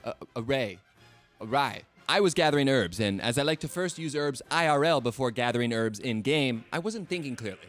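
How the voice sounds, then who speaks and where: A man in his late twenties tells a story in a scripted, comedic voice-over. He speaks at a mid pitch with a wry, sarcastic delivery. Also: expressive, fast talker, hardly any pauses, a bit bright, soft background music. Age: late 20s. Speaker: video essay host.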